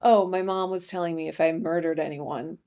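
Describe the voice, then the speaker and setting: A young woman with a fairly low voice hosts a comedy podcast, speaking a little fast. She rambles through a casual monologue full of deadpan asides and constant self-interruptions.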